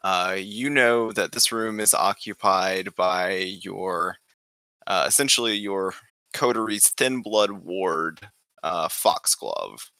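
A man's voice: low voice, slow, bright, forceful tone, no echo. A man narrating a tabletop game as game master, hesitant with many fillers and frequent laughter.

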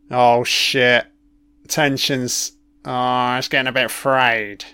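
A man's voice: mid-range voice, sharp tone, clear, resonant tone. A man giving casual reaction commentary over an old broadcast, blunt and heavy on swearing, thinking aloud as he goes.

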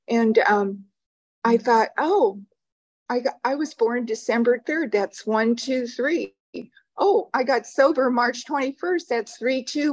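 An older woman with a fairly high voice speaks at a recovery meeting in a meeting room, giving personal testimony. She tells her stories in a warm, loose, rambling way full of fillers and laughs, and the audio is poor.

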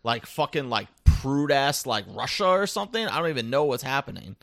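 A young man chatting on a podcast, telling stories with animated ups and downs and shouting in disbelief. His voice is bright with a gravelly fry, very expressive in pitch. The sound is close and dry. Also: brisk, no room sound. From New York area. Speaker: podcast co-host. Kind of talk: casual chat.

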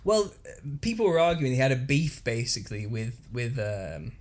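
A man's voice: mid-range voice, sing-song, moderate pace. A man co-hosting a podcast, reading news articles aloud with frequent laughter and put-on voices for quotes. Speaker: podcast co-host.

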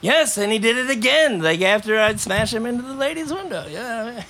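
A man hosting a podcast who tells a long, rambling story in a casual, animated way and coughs between lines. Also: extremely high pitch, normal speed, noisy background. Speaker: podcast host.

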